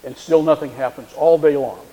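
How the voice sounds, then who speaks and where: A brisk pastor with a high-leaning, dark-toned voice preaches a sermon in a large hall with long reverb. Telling a story, he shifts voices to act out the quoted lines.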